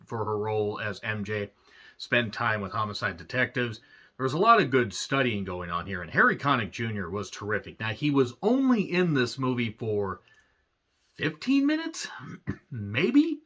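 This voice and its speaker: A man giving a casual, rambling film review, swearing freely and clearing his throat often. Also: fairly low pitch, pushed and bright. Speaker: movie reviewer. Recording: dull lo-fi recording.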